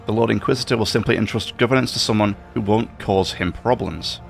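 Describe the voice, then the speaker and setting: Scheming male conspirator, persuasive and cold, read out by a man in a gravelly, lowish voice. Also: fairly quick, soft background music. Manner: reads game dialogue aloud in a level tone.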